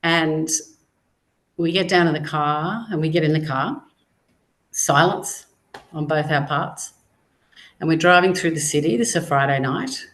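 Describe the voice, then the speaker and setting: A middle-aged woman, a guest on an interview show, telling her personal story in a measured, reflective way with pauses. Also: low voice, fairly bright tone, low-quality recording. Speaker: guest, cancer survivor and author.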